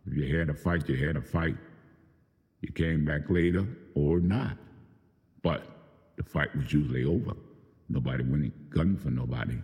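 Deep-voiced man, calling people out by name in an angry, profane monologue, recorded with a long echo. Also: moderate pace, long pauses, darkish tone. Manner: profane, venting, confrontational, addressing people by name. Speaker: host of his own show.

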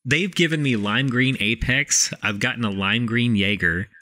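A man's voice: medium pitch, moderate pace, sharp tone. A man with a Texan accent co-hosting a gaming podcast, upbeat and chatty. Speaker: podcast co-host. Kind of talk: casual chat.

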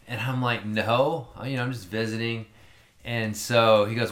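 A man's voice: lowish voice, moderate pace, fairly bright tone, reverberant. A man telling a long story in casual chat, rambling and swearing freely.

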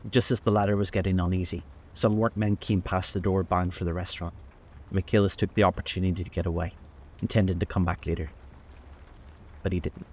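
A male host reading a classic novel aloud in a measured, unhurried way. His voice is very deep, and his delivery stays steady throughout. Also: a little hiss or hum. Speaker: narrator, host. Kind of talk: audiobook-style novel reading.

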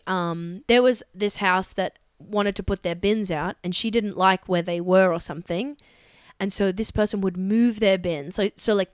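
A woman co-hosting a comedy podcast, telling gossip in an animated way and acting out the people she quotes. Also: mid-range voice, clear, resonant tone, no room sound, clean studio sound. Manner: animated storyteller, acts out quoted voices. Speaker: podcast co-host. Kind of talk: casual comedic chat.

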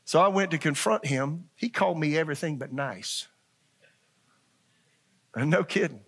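A man in his sixties with a fairly high, fairly bright, slightly rough voice preaches a sermon at normal speed to a church congregation. As pastor in the church sanctuary, he's folksy and earnest, repeating lines and checking in with listeners.

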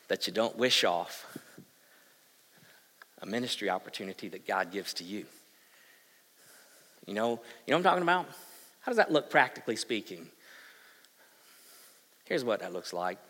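A male pastor preaching a sermon, swinging from hushed, low asides to loud, emphatic bursts. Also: big-room sound.

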